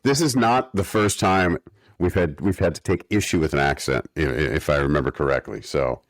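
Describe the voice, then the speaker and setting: A man with a very low voice, recorded dry and close. He co-hosts a podcast in casual chat, given to wry, mock-academic rants. His tone stays easygoing and conversational. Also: normal speed, dry recording. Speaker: podcast co-host. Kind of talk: casual chat recapping an episode.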